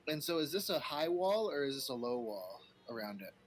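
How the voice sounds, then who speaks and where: A man's voice: medium pitch, very animated, a little fast, slightly rough. A man playing in a tabletop role-playing game, eager and jokey. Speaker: player. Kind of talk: casual tabletop play.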